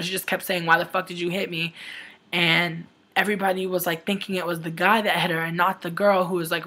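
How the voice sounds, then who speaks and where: Slightly low-voiced young woman rambling. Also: fairly bright tone. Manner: rambling, heavy on "like" fillers and swearing; emotional retelling, upset. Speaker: vlogger. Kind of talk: casual storytime monologue.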